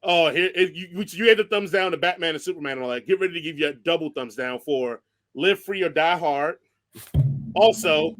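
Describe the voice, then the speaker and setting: A man with a slightly high voice hosts a casual podcast chat. He jokes, laughs often and rambles through long lists. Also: brisk, fairly bright tone, soft background music. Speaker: podcast host.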